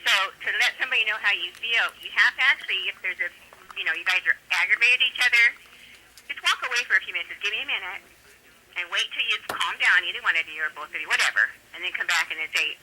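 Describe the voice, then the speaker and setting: A woman's voice: mid-range voice, lively intonation, quick pace, pushed and bright, a little hiss or hum, poor audio. A woman calling in to a radio talk show over the phone, chatting and telling stories as she gives advice and asks rhetorical questions. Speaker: radio guest.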